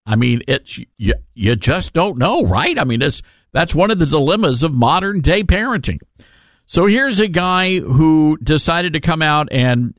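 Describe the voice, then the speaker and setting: A man hosting a talk radio show in a sarcastic, mocking monologue, with halting fillers and chuckles. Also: medium pitch, no echo, clean studio sound.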